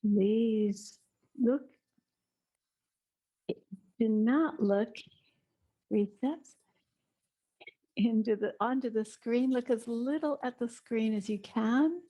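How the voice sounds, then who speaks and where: A middle-aged woman teaching a guided movement lesson indoors, giving slow, soothing instructions with soft breathy asides. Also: fairly high pitch. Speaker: eurythmy teacher. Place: indoor room, small.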